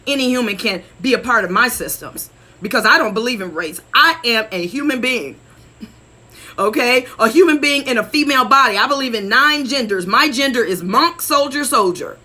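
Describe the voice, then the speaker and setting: A woman relationship coach talking straight to her viewers in a preachy, animated way, laughing often and calling them y'all. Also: a little high. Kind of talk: casual direct-to-camera talk.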